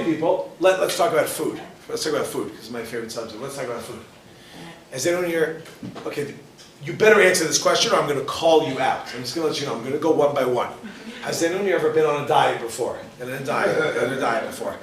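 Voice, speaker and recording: A man's voice: medium pitch, quick pace, fairly bright tone, a little hiss or hum. A male rabbi teaching a class to a live audience, joking and firing questions at the listeners. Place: lecture hall with audience. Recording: roomy, distant mic, faint ambience.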